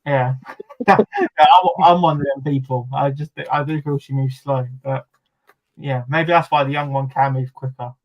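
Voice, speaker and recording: A man's voice: medium pitch, steady tone, moderate pace, highs cut off. Chatty man hosting a podcast. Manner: chatty, laughs often. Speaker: host. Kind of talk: casual chat.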